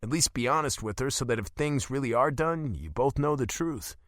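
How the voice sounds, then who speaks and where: A man voicing a calm grown older brother who speaks bluntly and reassuringly. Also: medium pitch, a little fast, no room sound, clean studio sound, lightly acted. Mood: steady.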